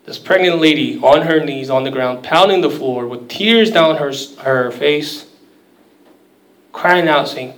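A man's voice: a little high, a little slow, roomy sound, distant mic, low-quality recording. A man preaching a sermon in a conversational, storytelling way, acting out quoted voices. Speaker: pastor.

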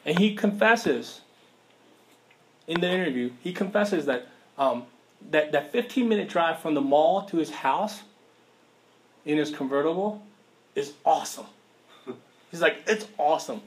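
A man's voice: on the high side, lively intonation, measured pace, long pauses. Casual slangy preacher man. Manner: casual, conversational preaching with slang and rhetorical questions. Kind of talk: sermon.

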